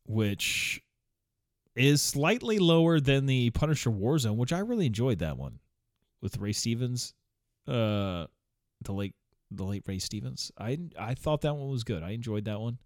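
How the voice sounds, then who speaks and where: A man's voice: mid-range voice, very animated, unhurried, dry recording, studio quality. A man in his forties chatting casually at home, meandering with many fillers, restarts, swearing and small chuckles. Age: 40s. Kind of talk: casual rambling vlog chat.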